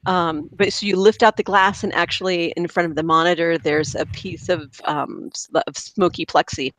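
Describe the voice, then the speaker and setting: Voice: mid-range voice, fairly even intonation, moderate pace, fairly bright tone, no room sound, low-quality recording. A podcast co-host chatting casually and enthusiastically about fixing up old arcade machines, with lots of fillers and restarts.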